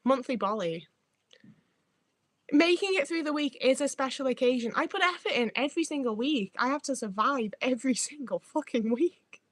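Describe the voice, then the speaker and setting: A young woman with a Northwest English accent streams from home, chatting casually with viewers, poking fun at herself and swearing plenty. Her voice is high with lively intonation, at a moderate pace and with no echo.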